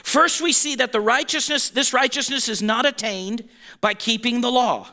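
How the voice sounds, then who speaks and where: A man preaching a sermon in an animated, emphatic way, with playful asides. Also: extremely high pitch, moderate pace.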